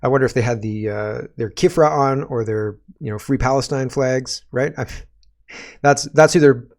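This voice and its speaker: A man's voice: mid-range voice, moderate pace, a little mellow. A man hosting a political commentary show, sarcastic and rambling, often tagging his points with a rhetorical question.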